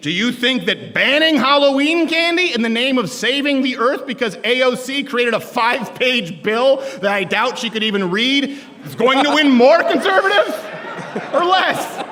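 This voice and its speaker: A man from Canada delivers a comedic political talk to students. His voice sits high and bright for a man, and he is animated and joking, breaking into shouts. Long hall reverb follows every line. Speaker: speaker addressing college students.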